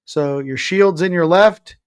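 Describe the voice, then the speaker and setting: A man's voice: high-pitched, slow pace, smooth. A man in his forties, a guest in an interview, talking in a blunt, emphatic, sarcastic way, swearing casually. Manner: sarcastic, self-mocking. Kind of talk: casual spiritual interview talk.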